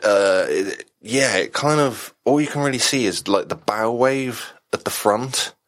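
A man co-hosting a podcast in casual chat, relaxed and musing, reasoning things out aloud with restarts. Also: medium pitch, unhurried. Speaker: podcast co-host.

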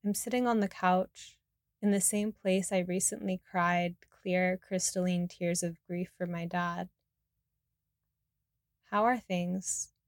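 Soft-spoken woman reading her memoir. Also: lowish voice, level tone, a little slow, no echo, studio quality. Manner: soft, reflective, intimate. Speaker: narrator. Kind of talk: reading a personal memoir aloud.

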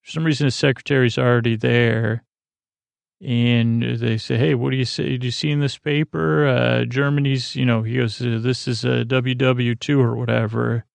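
A man recapping an episode in a slow, meandering sleep-podcast style, full of fillers and restarts. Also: mid-range voice, flat delivery, vocal fry, no echo. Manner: meandering, filler-heavy, halting retelling. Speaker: podcast host.

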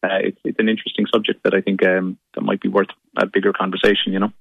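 A man's voice: deep voice, little pitch movement, quick pace, vocal fry, no room sound. A man with an Irish accent, an actor, talking on a radio show in a thoughtful, rambling way. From Ireland. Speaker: actor guest. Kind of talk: radio interview. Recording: muffled lo-fi line.

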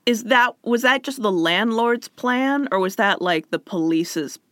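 A woman co-hosting a casual chat, reacting with wry jokes and quick questions. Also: a little high, lively intonation, a bit bright, dry recording, studio quality. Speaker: podcast co-host.

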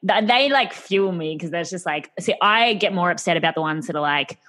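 A woman's voice: fairly low pitch, expressive, brisk, a bit bright. A woman with a British accent hosting a podcast, chatty and laughing, with many fillers. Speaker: podcast host. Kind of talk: casual interview chat.

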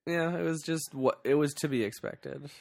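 A man's voice: on the high side, normal speed, creaky, no echo, clean studio sound. A man co-hosting a casual movie podcast, trading playful banter and laughing often. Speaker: podcast co-host.

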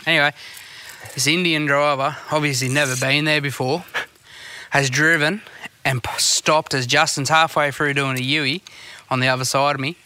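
A man's voice: on the high side, fairly even intonation, normal speed, bright, forceful tone, clear, resonant tone. A man telling sweary, rambling stories in casual chat. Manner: sweary storytelling.

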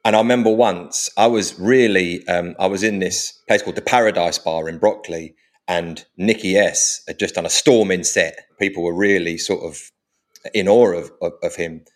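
A middle-aged man from England, an actor guest telling stories in casual podcast chat, with halting restarts. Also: low-pitched. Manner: storytelling, hesitant restarts, slips into mock voices.

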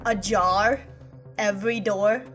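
A woman playing a tabletop role-playing game, talking casually with an animated, sometimes swearing manner. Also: mid-range voice, takes it slowly, faint music behind. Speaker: player.

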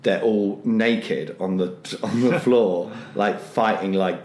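A man's voice: on the low side, takes it slowly, heavy background noise. A man, a comedian and podcast co-host, telling a loose, rambling comic story full of fillers and acted-out voices. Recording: roomy echo.

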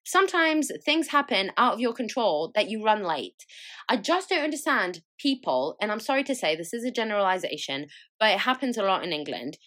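A young woman, hosting a podcast and telling travel stories in a chatty, animated way, laughing and swearing freely. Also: mid-range voice, brisk. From France. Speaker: podcast host. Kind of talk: casual chat.

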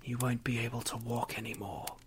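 A man voicing a mysterious disembodied voice that speaks slowly and calmly. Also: slight background noise, natural voice. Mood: solemn. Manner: slow, measured and low. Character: mysterious disembodied voice, calm and otherworldly.

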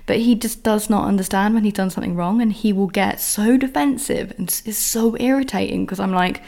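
Exasperated gravelly woman ranting. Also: mid-range voice, fairly quick, hardly any pauses, darkish tone. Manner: exasperated, ranting, heavy swearing. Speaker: podcast host. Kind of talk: candid solo monologue.

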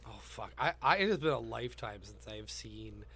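A man's voice: fairly low pitch, lively intonation, brisk, creaky, bright, forceful tone, husky. A man co-hosting a comedy podcast, rambling and stammering, swearing freely as he tells stories. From Canada. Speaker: co-host. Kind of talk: casual comedic banter.

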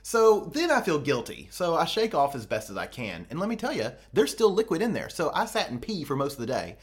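A man's voice: on the high side, very animated, brisk, slightly rough. Crude, joking man telling a rambling story. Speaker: podcast co-host. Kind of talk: casual chat.

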